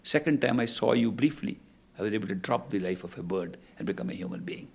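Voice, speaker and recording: Wise newborn boy, quiet and solemn, husky, voiced by a male storyteller. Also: on the low side, expressive, fast talker, pitched below the performer's own voice, heavily acted. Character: newborn boy speaking with ancient wisdom.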